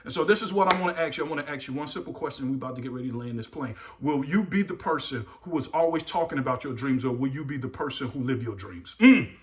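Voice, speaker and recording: A man's voice: mid-range voice, fast talker, hardly any pauses. A middle-aged man giving a motivational speech in a preacher-like way, repeating key lines and urging listeners on. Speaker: motivational speaker.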